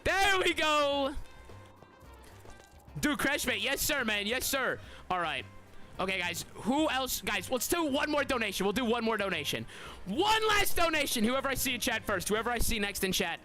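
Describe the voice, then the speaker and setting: A young man streaming live, hosting a game tournament and talking to his chat excitably, repeating "guys" and yelling at surprises. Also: high-pitched, fairly quick, faint music behind.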